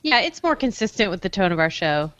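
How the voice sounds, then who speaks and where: A woman's voice: mid-range voice, big pitch swings, a bit bright, no echo, dull audio. A woman co-hosting a podcast, bantering playfully and laughing easily. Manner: playful, giggly, quick banter. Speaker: co-host. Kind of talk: casual chat.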